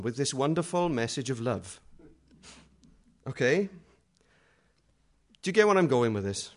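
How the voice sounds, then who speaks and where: A middle-aged man preaching a sermon in a conversational, humorous way, moving between quiet asides and loud dramatic readings. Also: mid-range voice, expressive, fairly quick, long pauses.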